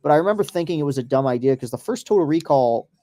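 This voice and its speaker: A man's voice: on the high side, animated, rapid-fire, mellow. A man hosting a casual podcast, chatting loosely over a live baseball game with profane, rambling asides. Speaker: podcast host.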